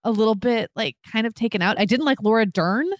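A woman's voice: on the high side, quick pace, no echo. A woman co-hosting a podcast in casual chat, giving frank, emphatic opinions and acting out her own thoughts. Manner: candid, emphatic opinions with quoted inner thoughts. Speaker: podcast co-host.

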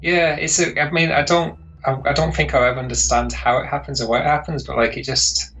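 A man's voice: a little high, little pitch movement, brisk, fairly bright tone, lo-fi sound. A man, a composer chatting in an interview, rambling and searching for words. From northern England. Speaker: composer guest. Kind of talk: casual interview chat.

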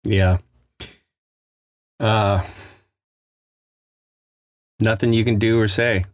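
A man co-hosting a podcast, talking in a halting, reflective way in casual chat. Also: on the low side, fairly even intonation, dry recording. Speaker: podcast co-host.

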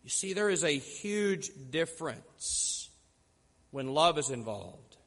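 A man preaching a sermon as pastor, telling stories and slowing down to stress key points. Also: on the high side, big pitch swings, fairly bright tone, long reverb tail. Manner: storytelling, slows down for emphasis.

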